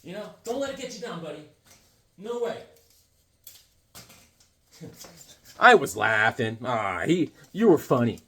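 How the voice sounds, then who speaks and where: A man vlogging about his comic haul, telling rambling jokey stories in an animated way and often repeating his words. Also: on the high side, unhurried, long pauses, slightly rough. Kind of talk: rambling casual storytelling.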